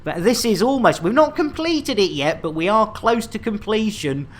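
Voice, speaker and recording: A man's voice: high-pitched, animated, normal speed. A man commentating his live game stream, chatting with viewers in a jokey manner full of innuendo.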